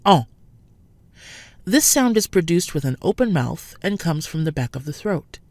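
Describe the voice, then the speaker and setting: Woman, low voice, clear careful diction, scripted lesson, dry studio sound. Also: big pitch swings, darkish tone, no room sound. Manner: clear, deliberate, slows to model sounds. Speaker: French pronunciation teacher.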